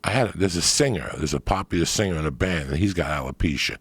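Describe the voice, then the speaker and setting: A middle-aged man with a very deep voice spins profane stories in casual chat. His voice is gravelly and husky. The room sounds dry and close. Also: fast talker, no room sound. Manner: profane, animated storyteller.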